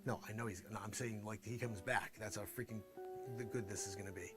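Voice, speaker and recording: A man's voice: on the low side, steady tone, fairly quick, fairly bright tone, faint music behind. A man hosting a comedy show, improvising a brash salesman monologue and switching between characters.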